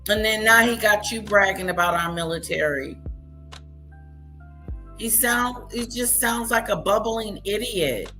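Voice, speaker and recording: Woman stream host, mocking reaction commentary, bright tone, faint music behind. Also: mid-range voice, a little slow. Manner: indignant, mocking, repeats clips aloud. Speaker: livestream commentator.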